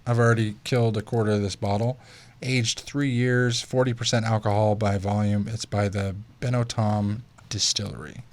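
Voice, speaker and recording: A man's voice: lowish voice, level tone, moderate pace. A young man hosting a casual podcast, telling loose, profane stories. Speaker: podcast host.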